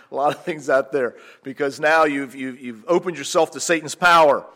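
A middle-aged American missionary preacher from Pennsylvania, his accent slightly touched by South African English, preaching in a conversational way that climbs into animated emphasis and questions to the congregation. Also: a little high, moderate pace. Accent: American, slightly mixed with South African English. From Pennsylvania, USA. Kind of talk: sermon.

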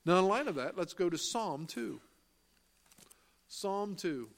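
Slow, emphatic male preacher. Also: high-pitched, animated, gravelly. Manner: slow, emphatic delivery, quoting scripture in old-fashioned wording; asks the listeners questions and answers them himself. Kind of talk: sermon with scripture reading.

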